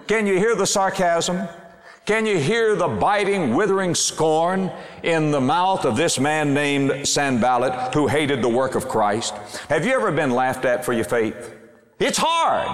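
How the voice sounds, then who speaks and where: A man preaches in a fairly high, lively voice that climbs and drops with feeling. He draws out scripture readings slowly and with emphasis. The sound is roomy, with a long hall reverb and faint music. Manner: impassioned preaching, slows to read scripture aloud. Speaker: pastor. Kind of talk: sermon. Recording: echoey hall with soft music.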